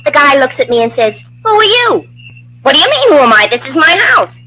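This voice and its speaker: A woman's voice: high voice, sing-song, brisk, background noise. A woman playing a brash young wife of an army lieutenant, wisecracking and indignant, in 1940s radio acting style. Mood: sarcastic.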